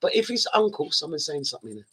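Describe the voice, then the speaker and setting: A woman's voice: sits low, sing-song, fast, fairly bright tone, breathy edge. A woman hosting a radio show, speaking passionately and heatedly. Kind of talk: impassioned show chat.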